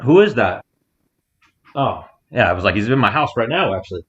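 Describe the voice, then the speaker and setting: A man co-hosting a podcast, telling a story in casual chat and loudly acting out the people in it. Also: mid-range voice, brisk, muffled recording. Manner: animated storyteller, acts out quotes loudly. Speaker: podcast co-host. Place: rented house, remote call.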